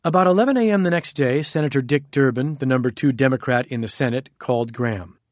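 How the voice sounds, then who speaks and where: A man narrating a nonfiction audiobook in a measured, steady reading. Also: medium pitch, dry recording.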